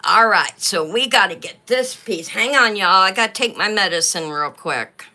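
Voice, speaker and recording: A woman's voice: medium pitch, expressive, normal speed, pushed and bright. A woman chatting casually to livestream viewers while she works on beaded jewelry, with hiccups. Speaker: livestream crafter. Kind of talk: casual livestream craft talk.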